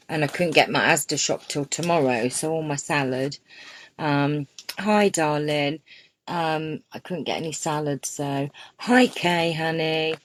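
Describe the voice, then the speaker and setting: Low-voiced, unhurried woman hosting a homey craft stream; warm gushing chatter. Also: a little hiss or hum. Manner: chatty, greets viewers by name, gushes over gifts. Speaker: crafting channel host. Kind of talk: casual live-stream chat.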